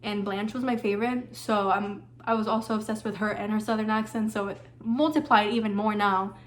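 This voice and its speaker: A woman's voice: mid-range voice, steady tone, brisk, slight background noise. A young woman chatting casually in her home kitchen as she hosts a cooking vlog, often drifting off on tangents. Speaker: vlogger.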